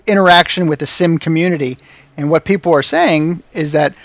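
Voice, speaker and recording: A man's voice: a little high, a little fast, no room sound. Rambling self-mocking man on a podcast. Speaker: podcast guest, marketing officer. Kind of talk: casual podcast chat.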